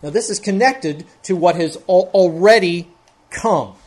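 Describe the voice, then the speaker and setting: A man's voice: high voice, measured pace, a little mellow. A man preaching an expository sermon as pastor, working methodically through a Bible passage verse by verse and growing more emphatic as he goes.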